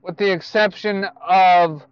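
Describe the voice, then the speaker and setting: A man giving casual movie news to viewers, speaking in a halting way with self-corrections and asides. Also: high-pitched, steady tone, smooth, dry recording, dull audio.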